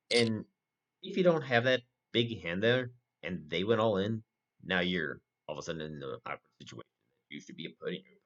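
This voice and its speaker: A man's voice: on the low side, a bit bright. A man casually commentating a replay of his own poker tournament, rambling with lots of fillers and restarts. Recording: dull, slightly muffled recording with faint noise.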